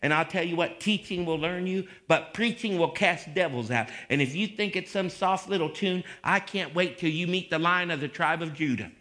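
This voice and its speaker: A man preaching with a high, ringing voice that cuts through. He is confrontational and taunting, dropping into scornful asides before rising to a shout. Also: moderate pace, few pauses. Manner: confrontational, swings from mocking mutters to shouting. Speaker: pastor. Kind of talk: fiery sermon.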